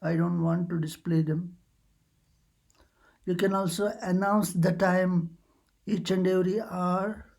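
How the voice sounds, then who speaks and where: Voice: medium pitch, flat delivery, slow, vocal fry, long pauses, a little mellow. A tutorial host casually walking through computer settings, hesitant and full of uh fillers and restarts. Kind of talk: casual screen-recording walkthrough.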